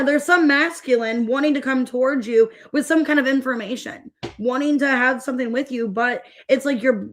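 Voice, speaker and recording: Young female tarot reader, slightly high voice, loose chatty delivery that greets viewers. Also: a bit bright. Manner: chatty, rambling, greets viewers mid-reading. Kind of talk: casual tarot reading.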